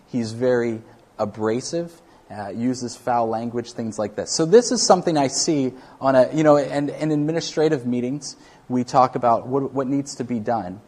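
A man delivering a sermon in a relaxed, conversational way, as if talking with the congregation. His voice sits at an ordinary middle pitch. He often circles back and restarts his sentences. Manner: conversational preaching with frequent restarts. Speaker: pastor.

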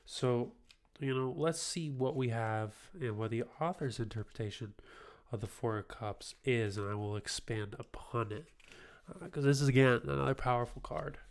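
A man's voice: mid-range voice, normal speed. A man in his twenties hosting a spiritual tarot podcast, talking in a reflective, affirming way with casual asides. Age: 20s. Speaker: podcast host, tarot reader.

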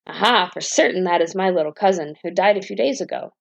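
A woman voicing a fearless, cheeky young boy in a storybook tale, speaking boldly and brightly. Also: fairly low pitch, fast talker, gravelly. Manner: bold, bright and unbothered.

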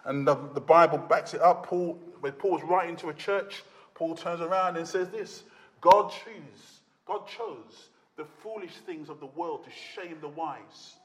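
A man with a high voice preaches a sermon with dramatic flair. He acts out the voices of the people in his Bible stories and swells to loud emphasis. His voice rings with the long reverb of a church hall. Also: a little slow.

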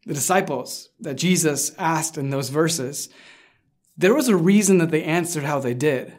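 A pastor preaching in a relaxed, conversational way, more like chatting than lecturing. The delivery tells the story plainly and slips into acting out what the people in it say. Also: mid-range voice, moderate pace. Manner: informal storytelling, acts out quoted lines. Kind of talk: conversational sermon.

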